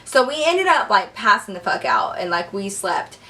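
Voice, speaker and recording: A young woman telling a story in a casual, animated way, cursing freely and saying "like" a lot. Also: medium pitch, moderate pace, distant mic. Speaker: vlogger.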